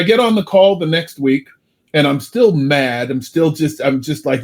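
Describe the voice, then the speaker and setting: A man in casual group talk, telling a personal story with lively, acted-out quotes. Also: a little high, unhurried. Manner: animated storytelling, acts out his own angry quotes. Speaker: sales coach.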